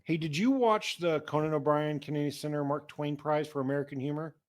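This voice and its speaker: A man's voice: on the high side, steady tone, brisk. Laid-back male podcast co-host. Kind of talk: casual chat.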